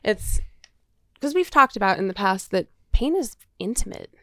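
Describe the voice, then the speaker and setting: A woman's voice: mid-range voice, very animated, normal speed, dry recording, studio quality. A woman co-hosting a podcast, chatting candidly and often laughing. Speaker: podcast co-host. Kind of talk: casual chat.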